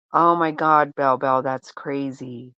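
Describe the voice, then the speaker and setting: A woman's voice: very deep voice, fairly even intonation, slow pace, clear, resonant tone, dry recording, lo-fi sound. A middle-aged woman hosting a casual live-stream chat, laughing often and exclaiming in disbelief as she reads and reacts.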